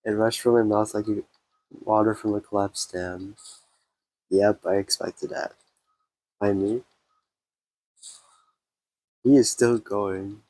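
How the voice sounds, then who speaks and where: A man streaming a game, reading its text aloud in a subdued way and breaking off for quick comments. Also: on the low side, fairly even intonation, darkish tone, dry recording, low-quality recording.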